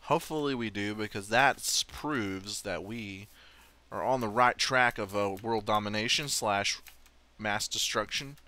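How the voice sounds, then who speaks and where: Bright-voiced joking game commentator man. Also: on the low side, measured pace, slight background noise. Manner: chatty, self-mocking, swears and laughs often. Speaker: let's play host. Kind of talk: casual gameplay commentary.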